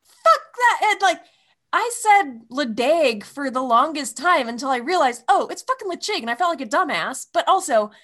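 A woman in casual chat who works in wine retail, animated and profane. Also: high-pitched, moderate pace. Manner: animated, profane, swooping emphasis.

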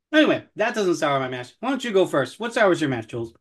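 A man co-hosting a podcast in a relaxed, conversational voice. He jokes wryly and swears freely. He is from Memphis. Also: on the high side, a little fast. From Memphis, Tennessee, USA. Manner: wry, joking, swears freely. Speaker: podcast co-host. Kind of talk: casual chat.

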